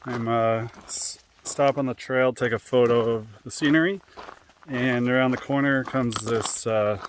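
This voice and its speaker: A man's voice: mid-range voice, a bit bright, slight background noise. A man in his thirties, a solo hiker, chatting casually with ums and uhs as he walks a mountain trail outdoors, speaking into a handheld camera. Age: 30s. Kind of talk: casual outdoor vlog narration.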